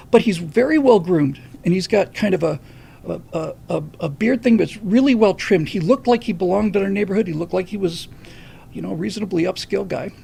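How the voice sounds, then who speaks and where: On his livestream, a host with a husky, gravelly, fairly high-pitched male voice recounts a personal story. He delivers it animatedly and swears a lot.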